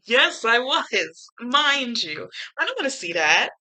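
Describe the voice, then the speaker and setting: Bright, animated young woman vlogger. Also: fairly high pitch, slow, poor audio. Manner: animated, laughs a lot, swears freely, slangy. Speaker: YouTuber reviewing a film. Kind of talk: casual chatty movie review.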